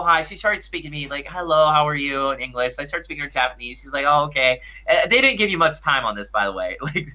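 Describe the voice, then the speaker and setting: A male podcast co-host retells an event in loose, animated chat, stumbling over his words and starting over often. His voice is pitched somewhat high and sounds very bright, and his intonation rises and falls a lot. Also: muffled recording. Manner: animated storytelling with many restarts and fillers. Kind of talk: casual chat.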